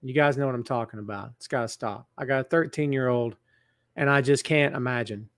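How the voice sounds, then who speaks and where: Hosting a wrestling podcast live from a large building, a middle-aged man chats with viewers and greets them by name, sounding earnest and growing somber when he turns serious. His medium-pitched, slightly bright voice is fairly quick, recorded through a webcam setup with studio quality and no room sound.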